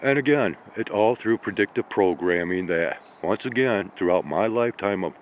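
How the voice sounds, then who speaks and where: A tired man in his late fifties rambling through a slow monologue, checking in with "okay?" and "all right?" as he goes. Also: lowish voice, animated, a little hiss or hum. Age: 50s. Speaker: channel host.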